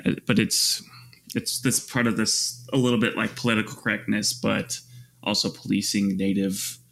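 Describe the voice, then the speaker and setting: Gravelly, halting man in casual chat. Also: lowish voice, steady tone, fairly bright tone. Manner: halting, searching for words with many restarts. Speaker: podcast co-host.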